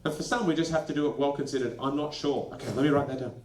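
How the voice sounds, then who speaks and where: A man presenting a lively workshop to school leaders, animated and acting out quick snippets of dialogue. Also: a little high, slight background noise. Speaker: education consultant presenting a workshop. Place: training venue. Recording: echoey room.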